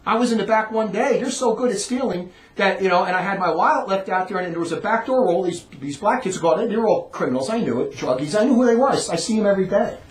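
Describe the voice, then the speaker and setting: A man's voice: high-pitched, animated, fast, few pauses. A man delivering a rambling, emphatic monologue, often repeating his words for emphasis. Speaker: monologue speaker. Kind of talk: ranting monologue. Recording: roomy echo.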